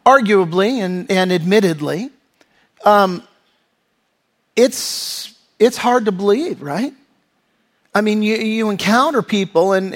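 A male pastor preaching a sermon in an earnest, conversational way, often restarting and stumbling over his words. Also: high-pitched.

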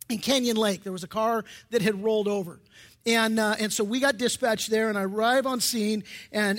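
A man's voice: high-pitched, fairly bright tone. A male pastor giving a sermon in a conversational, emphatic way, with many restarts and personal stories.

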